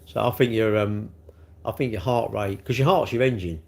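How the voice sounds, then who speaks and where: Hosting a livestream, a sixty-something man with a South London accent chats loosely while answering comments. His fairly low voice carries vocal fry at a moderate pace, and he rambles, adding tag questions throughout.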